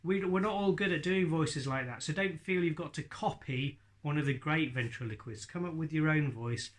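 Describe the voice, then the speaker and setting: A man's voice: on the high side, moderate pace. A man teaching ventriloquism in a chatty, light-hearted way. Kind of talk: instructional talk to camera.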